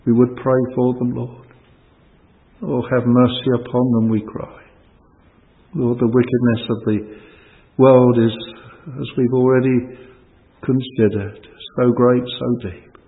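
Solemn man praying, slow and flat. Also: mid-range voice. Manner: solemn, pleading, old-fashioned thee and thou wording. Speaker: prayer leader at a church service. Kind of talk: spoken church prayer. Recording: tinny phone-line sound with long hall reverb.

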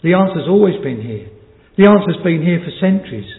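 A fairly high-voiced preacher delivers a sermon in a church hall. He swings from hushed, questioning asides to impassioned climaxes. The sound is tinny and phone-like, with a long reverb trailing off the walls. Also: sing-song, brisk, vocal fry. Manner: rising to impassioned peaks, then dropping to quiet asides; asks the congregation many rhetorical questions.

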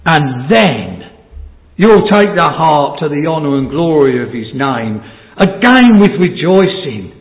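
A man's voice: on the high side, expressive, a little slow, creaky. Male preacher, sermon, rhetorical questions, builds to passionate peaks; tinny lo-fi with long hall reverb. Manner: rising to impassioned peaks, then dropping to quiet asides; asks the congregation many rhetorical questions.

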